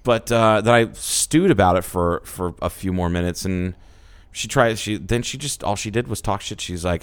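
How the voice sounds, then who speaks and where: A man's voice: lowish voice, normal speed, clear, resonant tone. A man co-hosting a podcast, casually telling a dating story, acting out quoted lines and laughing often. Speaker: podcast co-host.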